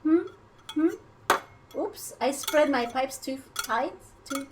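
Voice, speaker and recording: A woman's voice: high-pitched, slow, over loud music. A woman livestreaming herself cooking, chatting casually in a playful, teasing way with her viewers from her kitchen. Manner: playful, teasing, jokey banter with chat. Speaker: streamer.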